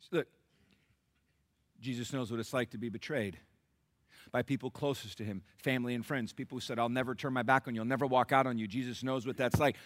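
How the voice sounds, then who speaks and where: A pastor delivers a sermon, calling out to the congregation for responses as he swings between loud, emphatic bursts and hushed, soft passages. His medium-pitched voice is captured in studio quality with no room sound.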